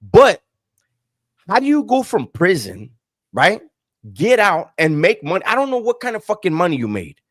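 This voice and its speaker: A man's voice: high-pitched, normal speed, no room sound, clean studio sound. A man hosting a live-stream talk, swearing often and mocking the person he talks about. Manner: profane, mocking, animated. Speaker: host. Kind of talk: casual live-stream chat.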